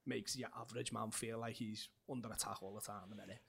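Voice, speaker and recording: Guy in the front row jumping in, gravelly flat voice, talks quick. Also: on the low side. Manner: quick and eager, agreeing a lot. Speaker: audience member in the front row.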